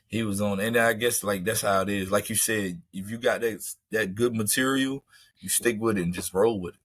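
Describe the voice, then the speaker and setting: A lower-pitched man talks loosely about his comedy career. He drifts along, padding his lines with "man" and "you know." The recording is close and dry. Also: fairly even intonation, moderate pace, slightly rough, dry recording. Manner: laid-back, rambling, fillers like "man" and "you know". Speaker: comedian guest. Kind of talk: casual interview chat.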